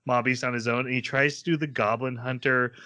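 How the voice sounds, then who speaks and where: A man's voice: mid-range voice, level tone, fairly quick, bright, forceful tone. Man rambling through a plot recap. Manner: rambling plot retelling with fillers and laughs. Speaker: podcast co-host. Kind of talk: casual anime recap chat.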